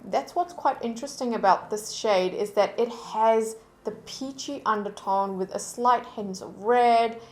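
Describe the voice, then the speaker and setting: A woman beauty vlogger chatting to camera, telling stories in a lively way at her desk. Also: a little high, echoey room. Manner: chatty, animated storytelling. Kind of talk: casual chat to camera. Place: indoor room at a desk.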